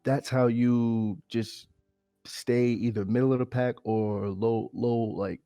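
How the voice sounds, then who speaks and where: A man co-hosting a podcast in casual motivational chat, sick and pausing to catch his breath. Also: mid-range voice, steady tone, warm tone, clear, resonant tone, no echo, studio quality, soft background music. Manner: pausing to catch breath, frequent "you feel me". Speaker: podcast co-host.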